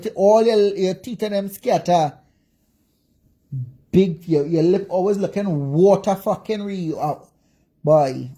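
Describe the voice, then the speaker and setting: A woman's voice: mid-range voice, dark tone. A woman with a Jamaican accent, ranting angrily on a livestream with constant profane insults. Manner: profane, insulting, repetitive cursing. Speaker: social media commentator. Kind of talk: angry livestream rant.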